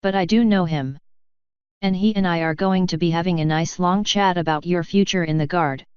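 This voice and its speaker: A woman's voice: lowish voice, moderate pace, a little mellow, smooth, no echo, lightly acted. A woman voicing a stern, commanding stallion captain who speaks in a clipped, authoritative way. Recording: dry, slightly muffled.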